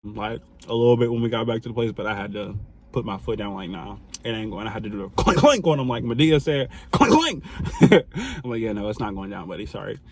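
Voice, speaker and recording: Animated young man telling a storytime. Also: lowish voice, quick pace. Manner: animated, laughing, swings between loud and hushed. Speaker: vlogger. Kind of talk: casual storytime.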